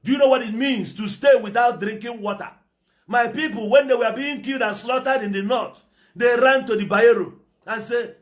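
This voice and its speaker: Speaking with an Igbo English accent, this Nigerian man gives a fiery, preachy monologue as a political commentator, dropping in Igbo phrases. His voice is extremely high-pitched and his delivery brisk.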